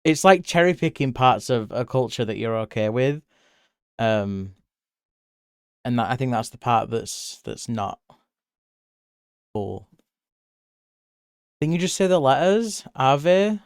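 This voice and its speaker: A British man chatting casually on a live stream, answering chat and rambling freely. He laughs often, and his voice jumps up when he gets excited. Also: mid-range voice, slow pace, pauses often, smooth, dry recording, clean studio sound. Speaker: livestreamer.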